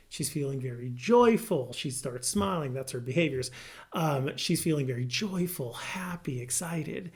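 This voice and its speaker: A man, a licensed marriage and family therapist, explaining a therapy method to viewers in a lively, good-humored way. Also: on the high side, vocal fry. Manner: lively, good-humored, laughs through personal example. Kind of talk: educational explainer to camera.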